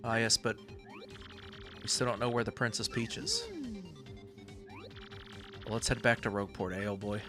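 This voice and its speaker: A man voicing a jolly, genteel gentleman, chummy in manner, with faint music behind. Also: lowish voice, big pitch swings, moderate pace, long pauses.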